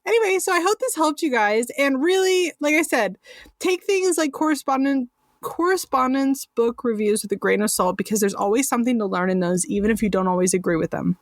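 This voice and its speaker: A woman's voice: a little high, expressive, fairly quick, no room sound, studio quality. A woman co-hosting a podcast in casual chat, chatty and self-mocking, laughing often. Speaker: podcast co-host.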